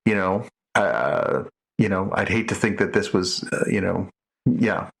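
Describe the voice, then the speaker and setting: A middle-aged man with a deep, creaky voice co-hosts a podcast, speaking a little slowly. The chat is casual, and he rambles with many restarts and fillers.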